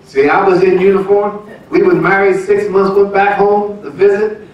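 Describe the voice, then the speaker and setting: Older preacher, echoey far-off church. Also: male voice, high voice, flat delivery, moderate pace, lo-fi sound. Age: 70s. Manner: folksy storytelling, laughing often. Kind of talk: church testimony and announcements. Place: church sanctuary.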